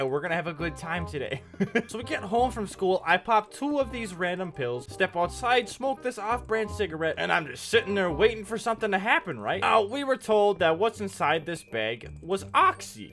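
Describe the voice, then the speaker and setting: Bright, lively young man telling jokes. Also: high-pitched. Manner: jokey, laughs at his own punchlines. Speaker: gaming YouTuber. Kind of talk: comedic storytelling over gameplay. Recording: light background music.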